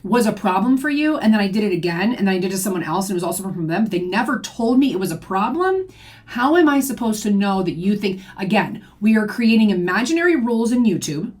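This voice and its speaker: A woman's voice: medium pitch, lively intonation, fast, darkish tone. A young woman giving indignant reaction commentary on her channel, firing off rhetorical questions. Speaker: YouTube commentator.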